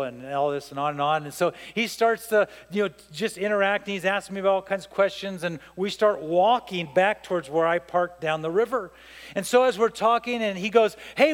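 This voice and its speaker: A man's voice: high-pitched, a bit bright, clean tone, big-room sound. A man preaching a sermon as pastor, telling a story and acting out the voices of the people in it with emphasis.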